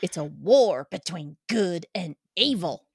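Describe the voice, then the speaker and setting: A woman's voice: on the low side, expressive, takes it slowly, creaky, darkish tone, breathy edge, dry recording, studio quality, pitched below the performer's own voice, full character voice. A woman voicing an angry, conspiracy-minded Southern woman with a put-on Georgia accent, drawling and preachy. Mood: ominous.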